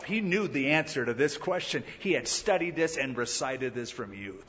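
A male pastor preaching a sermon in a lively way, often acting out the people he quotes. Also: medium pitch, moderate pace, big-room sound, lo-fi sound. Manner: animated preaching that acts out quoted speakers.

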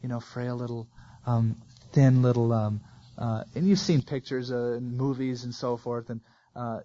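A man's voice: medium pitch, little pitch movement, moderate pace, warm tone, dull audio. A man preaching a verse-by-verse sermon, reading scripture aloud with folksy asides.

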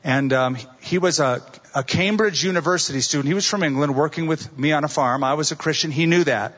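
A man's voice: on the high side, a little fast, a bit bright, husky, dull audio. A middle-aged male pastor preaching a sermon, telling stories and acting out the quotes of the people in them. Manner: storytelling with acted-out quotes.

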